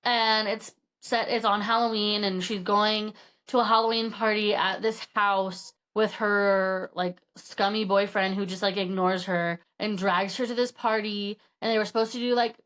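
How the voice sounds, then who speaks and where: A woman's voice: medium pitch, moderate pace, smooth. A woman co-hosting a podcast, chatting casually about a book and acting out the characters as she retells it. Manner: animated storytelling, acts out characters with swearing. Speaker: podcast co-host.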